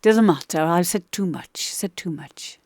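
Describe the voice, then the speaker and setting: A woman's voice: on the low side, unhurried, a little mellow, no room sound. A woman, a DJ host chatting casually and rambling with laughs while reviewing demo tracks. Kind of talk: casual stream chat.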